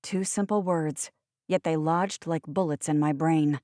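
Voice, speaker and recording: Woman reading first-person audiobook, wry and sardonic, lower voice, dry close mic. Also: steady tone, measured pace, warm tone, no echo. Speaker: audiobook narrator.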